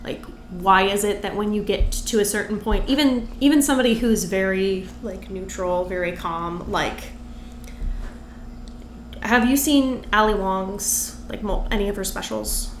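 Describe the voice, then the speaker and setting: A woman's voice: medium pitch, a little slow. A woman stand-up comedian, a podcast guest, talking casually and animatedly about comedy. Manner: animated, acts out other comics' cadences. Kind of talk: casual conversation. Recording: roomy with faint noise.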